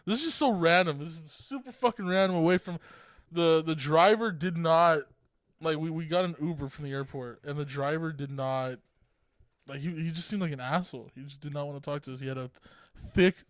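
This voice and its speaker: A man's voice: fairly high pitch, a little fast, dry recording, clean studio sound. A young man co-hosting a podcast, telling a story in casual, profane banter and laughing often. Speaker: podcast co-host. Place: podcast room with a couch.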